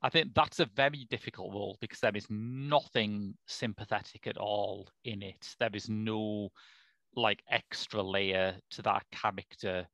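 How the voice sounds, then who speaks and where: A man's voice: fairly low pitch, fairly even intonation, a little slow, sharp tone, no room sound. A man co-hosting a podcast, talking films in a blunt, opinionated and sweary way. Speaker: podcast co-host. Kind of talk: casual film discussion.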